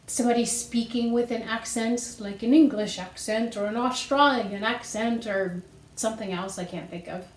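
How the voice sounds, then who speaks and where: A woman music teacher talks very slowly and patiently, walking young students through each idea and counting beats aloud. Her voice sits a little high, and the room around her is echoey. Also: darkish tone. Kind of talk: recorded music lesson for children.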